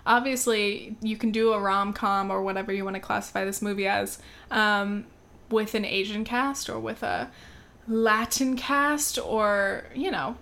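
An American vlogger chats loosely about movies, filling her speech with "um" and "like" and occasionally getting fired up. She has a medium-pitched, slightly bright voice with fairly even intonation and a measured pace.

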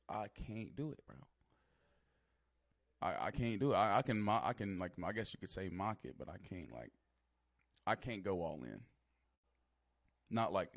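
A young man riffing casually over a news clip, full of slang and side remarks. His voice sits fairly low, and the sound is dry and close, with no room around it. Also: gravelly, dry recording. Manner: loose slang-heavy talk, frequent laughs and asides. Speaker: streamer reacting to news clips. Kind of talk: casual reaction commentary.

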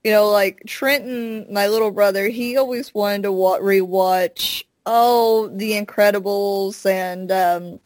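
A woman's voice: mid-range voice, fairly even intonation, takes it slowly, hardly any pauses, darkish tone, no echo. A woman in casual chat, rambling through a story full of "like" and "I was like.".

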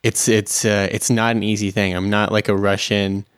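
A man's voice: on the low side, flat delivery, normal speed, smooth, no room sound, clean studio sound. A man playing a tabletop role-playing game, thinking aloud hesitantly with many restarts. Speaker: player.

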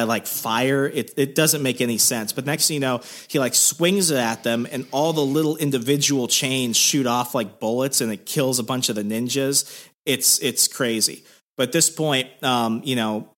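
A man's voice: mid-range voice, a bit bright. A man hosting a podcast, casually retelling a story in a loose, rambling way, full of fillers. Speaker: podcast host. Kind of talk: casual comic recap.

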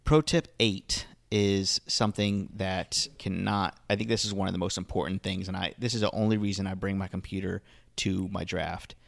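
A man's voice: low-pitched, fairly even intonation, normal speed, vocal fry, no echo. A man co-hosting a podcast in casual chat, rambling with lots of fillers. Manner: rambling, filler-heavy delivery. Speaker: podcast co-host.

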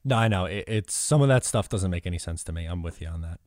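A man's voice: sits low, quick pace, dry recording. A man co-hosting a casual podcast chat, joking and teasing. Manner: lively, joking, mocking. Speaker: co-host.

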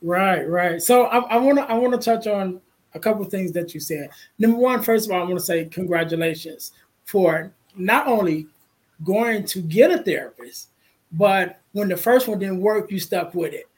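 A man hosting a casual podcast interview, speaking in a measured, affirming way. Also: high voice. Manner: measured, affirming, says "you know" often. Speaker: podcast host.

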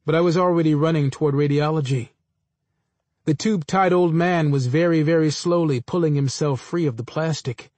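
A man reading a first-person story aloud in a measured, dry storytelling manner. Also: fairly high pitch, darkish tone, dry recording. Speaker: narrator.

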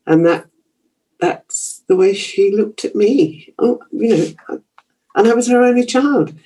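Reminiscing in interview about her childhood, an older Yorkshire-born broadcaster with a received pronunciation accent chats in a self-deprecating way, filling her talk with fillers. Her medium-pitched voice is mellow, breathy, animated and a little slow, on a low-quality recording.

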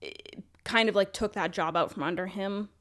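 A woman co-hosting a podcast in casual chat, talking in a rambling, profane, animated way. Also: medium pitch, a little fast. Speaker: podcast co-host.

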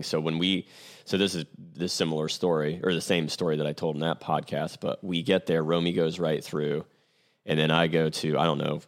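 Deep-voiced man telling a rambling story. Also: vocal fry. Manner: rambling, self-correcting, chuckling storyteller. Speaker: podcast host. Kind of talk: casual storytelling chat.

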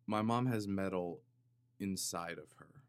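A man's voice: low-pitched, a little slow, clear, resonant tone, no room sound. A man hosting a podcast in a casual comedic monologue, rambling, cutting himself off and building jokes with mock drama. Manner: rambling, self-interrupting, jokey and dramatic. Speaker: podcast host. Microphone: studio microphone with compressor.

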